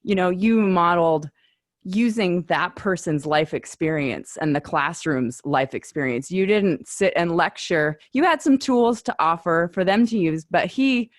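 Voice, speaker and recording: A woman's voice: lowish voice, animated, unhurried, no room sound, clean studio sound. A woman guest in a podcast interview, speaking earnestly and reflectively about teaching adults. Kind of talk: casual interview.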